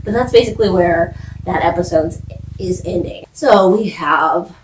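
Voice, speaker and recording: A woman's voice: fairly low pitch, moderate pace, roomy sound, recorded from a distance, a little hiss or hum, low-quality recording. A woman in her thirties casually recapping a TV episode, chatty and full of "like", sometimes acting out the characters' lines. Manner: chatty, lots of "like", quotes characters in acted asides. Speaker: TV recap vlogger.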